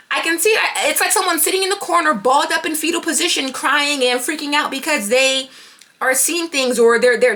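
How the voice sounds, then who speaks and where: A woman doing a tarot card reading, animated and thinking aloud as she pulls cards. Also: high voice. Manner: animated, talking to herself while pulling cards. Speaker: tarot reader.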